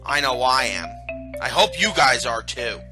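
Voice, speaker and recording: A man's voice: medium pitch, expressive, unhurried. A man hosting a video game let's play, commenting sarcastically and reading the characters' lines in silly voices. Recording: game music playing behind.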